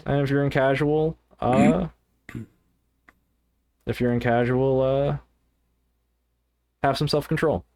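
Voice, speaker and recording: A man co-hosting a podcast, talking casually and haltingly, with many fillers and restarts. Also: mid-range voice, fairly even intonation, darkish tone. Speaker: podcast co-host. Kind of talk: casual podcast chat about card games.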